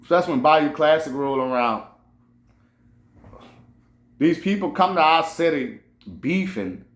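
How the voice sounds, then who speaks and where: A man riffs through a casual commentary monologue, profane and animated, circling back over his own words. His voice sits at a middling pitch. The room around him gives a noticeable echo. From New Orleans. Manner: animated, profane, rambling with restarts. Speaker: host.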